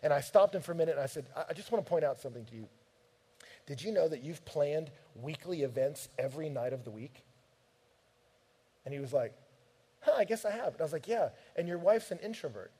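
A man preaching a sermon, telling stories from his home life in an animated, direct way. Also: fairly high pitch, quick pace, breathy edge. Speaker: pastor.

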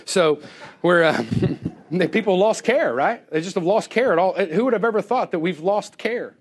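A man delivering a storytelling sermon in a high-pitched voice. He is animated and plays out each conversation himself, voicing the other people. He laughs often as he tells it. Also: normal speed, slightly rough. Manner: animated, acts out both sides of dialogue; laughs often while telling. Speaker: preacher.

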